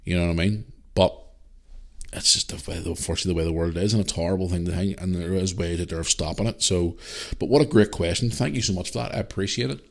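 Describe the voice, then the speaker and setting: A man's voice: deep voice, fast, vocal fry. A man hosting a casual solo podcast, answering listener emails in a rambling way with restarts and strong swearing. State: parent, a single dad. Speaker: podcast host.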